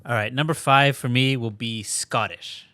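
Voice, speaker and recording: Laid-back man with a bright, forceful voice. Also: mid-range voice, dry recording, clean studio sound. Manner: laid-back, deliberate, few words. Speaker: podcast co-host. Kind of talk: casual podcast banter.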